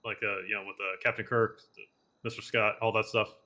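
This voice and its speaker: A man's voice: fairly low pitch, little pitch movement, brisk, bright, forceful tone. A man playing a senior lawyer in an online roleplay, giving advice in a patient, explanatory way with many filler words. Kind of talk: casual in-character mentoring chat.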